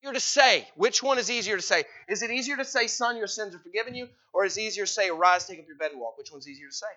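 High bright-voiced preacher. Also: male voice, racing, lo-fi sound. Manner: conversational, teasing the congregation with questions. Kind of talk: sermon. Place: church hall.

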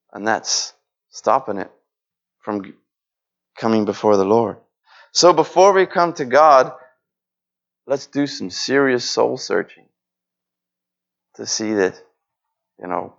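A man's voice: fairly low pitch, animated, slow pace, gravelly, long pauses. Guy preaching a sermon, earnest, repeats himself a lot, kinda dull lo-fi sound. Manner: earnest, voices pleading prayers to God, repeats phrases.

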